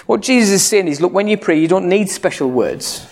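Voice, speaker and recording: A man's voice: high voice, lively intonation, a little fast. A man preaching a sermon in a conversational, humorous way, full of rhetorical questions. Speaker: pastor.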